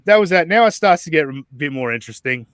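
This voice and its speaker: Talking fast with lively intonation, a male podcast host rambles through casual chat and listener messages, profane and laughing, full of fillers. His slightly bright, higher voice comes through clean studio sound with no echo.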